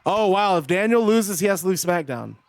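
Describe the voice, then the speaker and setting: A man's voice: high voice, expressive, brisk. A man calling a simulated wrestling match in casual play-by-play, rambling between the moves and answers to chat.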